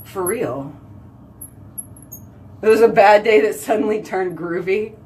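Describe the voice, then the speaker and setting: A woman's voice: medium pitch, a little slow, darkish tone, recorded from a distance. A woman hosting a casual live video chat, telling giggly stories and answering viewer comments. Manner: chatty, giggly storytelling. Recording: voice slightly off-mic.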